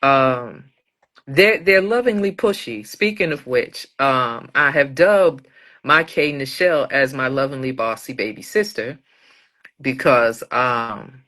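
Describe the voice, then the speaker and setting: Woman on a chat show, bright ringing voice, tells stories and acts out what people said. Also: very deep voice, slow pace. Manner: animated storyteller, acts out quoted dialogue. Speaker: guest poet. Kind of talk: casual interview chat.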